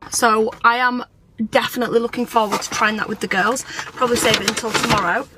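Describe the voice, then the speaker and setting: A woman's voice: a little high, fairly even intonation, brisk, very noisy. Chatty woman vlogging. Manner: chatty, rambling, self-deprecating. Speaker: family vlogger. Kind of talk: casual vlog chat.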